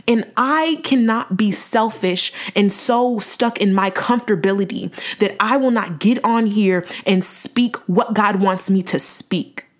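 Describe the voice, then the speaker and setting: A young woman hosting a faith-based podcast, talking earnestly and emphatically, slowing down to stress her points like a preacher. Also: medium pitch. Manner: earnest, preachy, emphatic with dramatic slow-downs. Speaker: podcast host.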